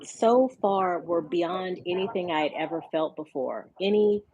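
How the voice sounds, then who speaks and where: A woman speaking as a podcast guest, telling her story in a reflective, unhurried way over a video call. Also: on the low side, dark tone, breathy edge, dull audio. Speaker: podcast guest and hypnosis practitioner. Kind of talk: casual conversational interview.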